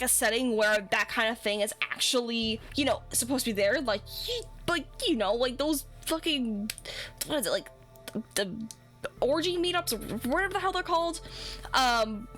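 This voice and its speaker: A woman's voice: on the high side, fairly bright tone. A young woman chatting casually as a streamer, rambling and swearing with lots of restarts. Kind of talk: casual chat while rigging a model.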